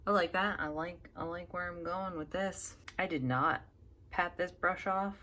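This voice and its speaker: A woman's voice: fairly low pitch, unhurried, pushed and bright. A young woman chatting casually while doing her makeup, rambling with lots of fillers and asides. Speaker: makeup vlogger.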